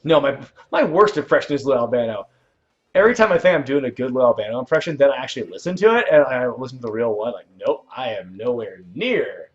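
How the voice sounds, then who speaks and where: Here a young adult man talks fast and animatedly in a medium pitch while streaming a game. His manner stays laid-back as he rambles, laughs softly, and answers chat questions, all over dull lo-fi mic audio.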